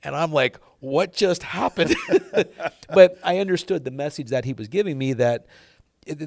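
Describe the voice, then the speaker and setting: Gravelly-voiced man telling lively stories. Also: mid-range voice, no echo, studio quality. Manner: lively storyteller, acts out quoted dialogue. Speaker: golf instructor, podcast guest. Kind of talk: casual storytelling conversation.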